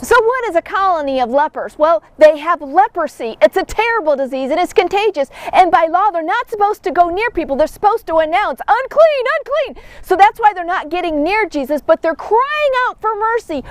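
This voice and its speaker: A woman with a very high, bright-pitched voice leads a devotional Bible teaching. She speaks earnestly and lively, slipping into little acted-out voices for the people in the story. The sound is close and dry, with no room around it. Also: no room sound. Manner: earnest, animated, acts out quoted voices.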